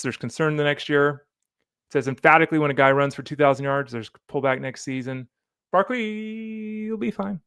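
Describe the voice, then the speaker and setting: A man hosting a solo fantasy football podcast, animated and opinionated, talking straight to the listener. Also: medium pitch, gravelly, dry recording, studio quality. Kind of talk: solo sports podcast commentary.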